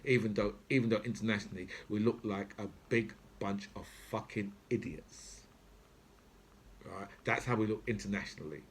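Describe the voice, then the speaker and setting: A man's voice: on the low side, moderate pace, a little hiss or hum. A British man hosting his own channel, giving an angry, profane political rant to camera and tagging "right?" onto his lines. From Britain. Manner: profane, repetitive, keeps asking "right?". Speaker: channel host.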